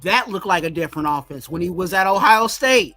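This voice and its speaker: A man in casual sports talk, excited and repeating "you know what I'm saying" as he breaks down his team's offense. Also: high voice, brisk, soft background music. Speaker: podcast co-host.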